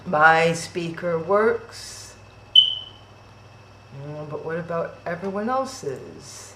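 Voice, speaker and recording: A woman with a lowish voice, lively intonation and drawn-out words hosts a live-streamed online event. She talks through video call trouble in a chatty, flustered way, thinking aloud and restarting, in a space with roomy echo and faint noise.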